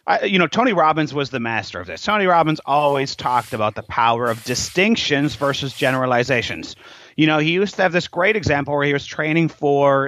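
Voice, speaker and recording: Man, doctor guest, animated storyteller, dull dry lo-fi sound. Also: a little high, dry recording. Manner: animated storyteller, acts out quotes. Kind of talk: casual interview talk.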